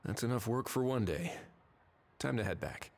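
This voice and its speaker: An actor playing a tired, officious game character who lays down the rules. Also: male voice, fairly low pitch, expressive, normal speed. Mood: stern.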